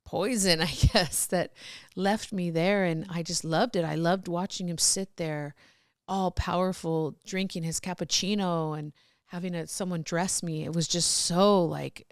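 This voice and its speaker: A woman's voice: lowish voice, fairly even intonation, unhurried, no echo, clean studio sound. A middle-aged woman telling candid personal stories as a podcast guest, rambling with restarts and laughs.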